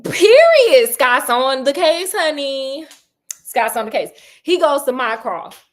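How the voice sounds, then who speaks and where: A woman's voice: sits high, sing-song, slow. A young adult woman hosting a casual retelling of a classic story, chatty, sassy and slangy, asking a listener questions. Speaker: storyteller host.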